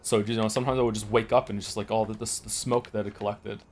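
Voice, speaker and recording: A man's voice: on the low side, little pitch movement, very fast, darkish tone, slight background noise. A man in his forties from Wales, streaming and chatting casually, telling stories in a rambling, profane way with many restarts. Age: 40s. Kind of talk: casual chat.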